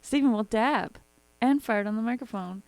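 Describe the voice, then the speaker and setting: A young woman with a somewhat high voice co-hosts a casual podcast. She swears freely and laughs through her stories. The sound is dry and close to the mic. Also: normal speed, a little mellow, dry recording. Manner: profane, storytelling with laughter. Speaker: podcast co-host. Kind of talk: casual chat.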